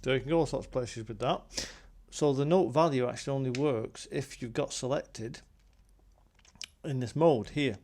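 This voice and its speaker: A man casually walking through his synth module's settings, thinking aloud with plenty of ums and pauses. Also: medium pitch, darkish tone, faint music behind. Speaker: synth hobbyist demonstrating gear. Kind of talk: casual tutorial walkthrough.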